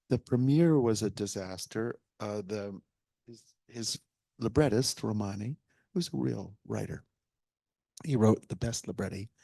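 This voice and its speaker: Gravelly-voiced man telling a story. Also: lowish voice, dry recording. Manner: animated retelling, acts out quotes, drops to near whisper. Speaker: guest speaker, theater director. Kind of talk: public conversation, storytelling. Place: library event hall with live audience.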